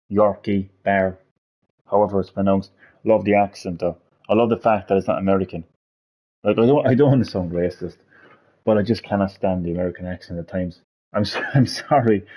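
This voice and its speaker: Rambling man commentating a game. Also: on the low side. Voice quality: rambling, blunt, thinking aloud. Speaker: gaming video host. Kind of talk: casual let's-play commentary. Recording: lo-fi with game music behind.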